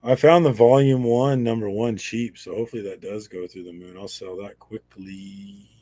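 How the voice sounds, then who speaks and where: A man's voice: mid-range voice, steady tone, fairly quick, warm tone. A man co-hosting a casual livestream, joking with wry, self-mocking banter. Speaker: co-host.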